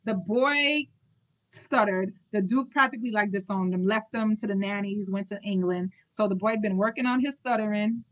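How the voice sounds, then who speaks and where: A woman's voice: medium pitch, normal speed, low-quality recording. A woman hosting a live book club reading, reading aloud and breaking off into informal, chatty commentary.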